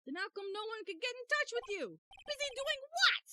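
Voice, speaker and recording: A woman's voice: very high voice, big pitch swings, fairly quick, noisy background, pitched above the performer's own voice. A woman voicing a nervous young male defense attorney who stammers and hesitates.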